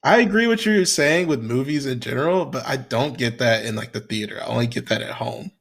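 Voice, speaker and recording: Gravelly young man chatting. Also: medium pitch, a little fast, fairly bright tone. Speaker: podcast co-host. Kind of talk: casual chat.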